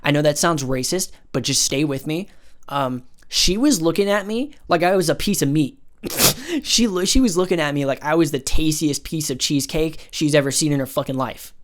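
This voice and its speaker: A man's voice: fairly high pitch, normal speed. Rambling, foul-mouthed man telling a story. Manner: rambling, profane, heavy filler words. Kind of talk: casual storytime.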